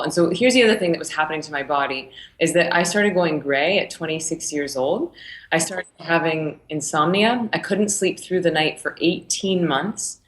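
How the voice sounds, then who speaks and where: Low-voiced animated woman in echoey room. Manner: animated storyteller, laughs between phrases. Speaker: guest, meditation teacher. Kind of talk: casual interview storytelling. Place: her studio.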